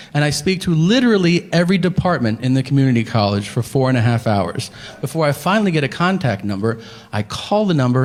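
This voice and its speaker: A man's voice: medium pitch, a little mellow. A male comedian telling a story on stage, exasperated and profane. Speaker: stand-up comedian. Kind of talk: stand-up storytelling. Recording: echoey venue, faint ambience.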